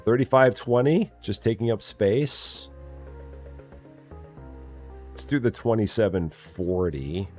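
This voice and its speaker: Male streamer, low voice with lively swings, casual chatty commentary, faint music behind. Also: slow, pauses often. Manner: chatty, mutters quietly to himself while working. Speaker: game streamer. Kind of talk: casual live gameplay commentary.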